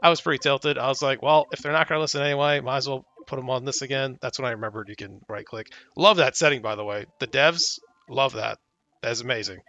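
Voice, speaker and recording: A young man giving casual gameplay commentary from home, excitable and exasperated, pleading at the screen. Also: medium pitch, fast talker, muffled recording. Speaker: gaming YouTuber.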